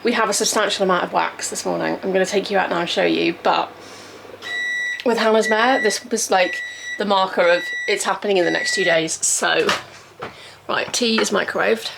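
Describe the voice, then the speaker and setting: A young woman vlogging about her pregnant mare, cooing and praising the horse in a soft singsong. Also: medium pitch, normal speed, vocal fry, noisy background. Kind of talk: casual vlog narration. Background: loud background music.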